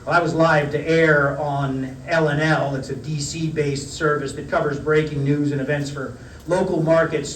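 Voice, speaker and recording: A middle-aged man reading a prepared lecture in a measured, wry storytelling manner. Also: on the high side, a little hiss or hum. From United States. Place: parish hall. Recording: roomy hall, mic at a distance.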